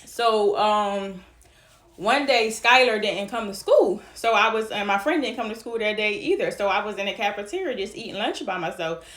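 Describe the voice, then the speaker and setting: A woman casually telling a personal story, chatty and animated, acting out what people said. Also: mid-range voice, normal speed, roomy sound. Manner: animated, acts out dialogue in the story; chatty, frequent fillers like "like" and "you know". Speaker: storytime vlogger.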